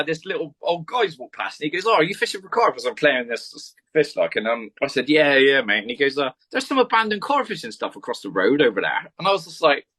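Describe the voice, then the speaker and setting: A man's voice: mid-range voice, pushed and bright. A man, a podcast guest, rambling through a story in casual chat and swearing freely.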